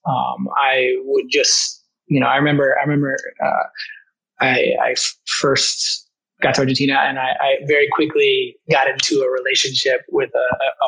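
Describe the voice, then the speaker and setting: A man's voice: mid-range voice, a bit bright, husky, rough recording. A man speaking as a guest language teacher, telling a story in casual conversation with enthusiasm and frequent restarts. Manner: enthusiastic, many restarts, acts out quoted voices.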